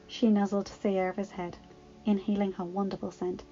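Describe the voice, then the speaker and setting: A woman reading fan fiction aloud in a calm, even storytelling voice. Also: mid-range voice, normal speed, highs cut off, faint music behind. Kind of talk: storybook narration.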